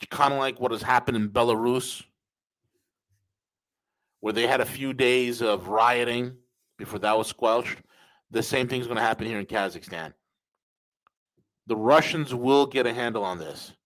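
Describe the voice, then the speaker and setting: Male podcast host, emphatic opinion commentary, repeats his points, mid pitch. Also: fairly bright tone, rough recording. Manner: emphatic, repeats phrases, addresses listeners as folks.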